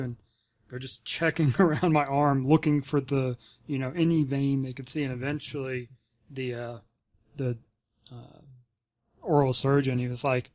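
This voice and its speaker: A man co-hosting a podcast in easygoing conversation. He talks plainly and without hurry, at a middling pitch for a man. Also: steady tone, moderate pace, darkish tone. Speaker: podcast co-host. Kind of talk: casual chat.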